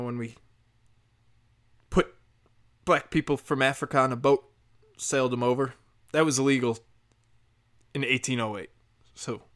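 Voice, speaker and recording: This speaker rants in a sarcastic, foul-mouthed comedic style. The pitch is in a middle range, and the voice jumps up high and loud for emphasis before dropping into low mutters. It sounds like an improvised solo monologue. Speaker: solo commentator. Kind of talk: profane comedic rant.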